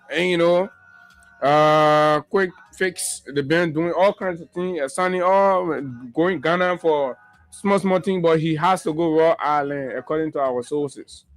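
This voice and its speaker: A man hosting a call-in morning show and giving political commentary. He talks emphatically, repeats phrases and fires off rhetorical questions. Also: sits high.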